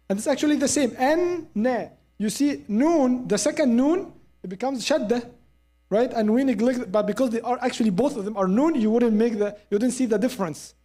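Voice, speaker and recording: A Quran recitation teacher giving a live class at a mosque, repeating example sounds slowly and checking in with students. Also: mid-range voice, mellow.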